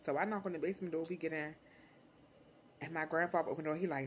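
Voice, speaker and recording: A young adult woman vlogger telling a storytime in casual, slangy, profane talk, animated and unfiltered. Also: sits low, fast talker, a little hiss or hum.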